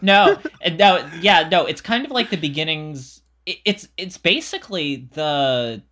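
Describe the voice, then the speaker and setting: Wry, halting man, bright voice. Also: on the high side, animated. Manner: wry, halting, full of fillers and restarts. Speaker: podcast co-host. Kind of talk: casual movie-riffing chat.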